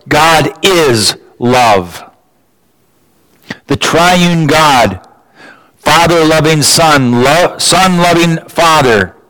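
A man preaching a sermon, building emphasis with sudden rises in pitch and repeating words as he restarts his phrases. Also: a bit bright, dry recording, poor audio.

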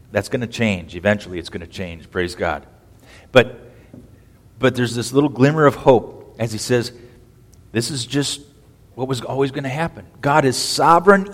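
A man preaching a sermon as pastor, swinging from loud, emphatic bursts down to quiet, low phrases. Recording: long hall reverb.

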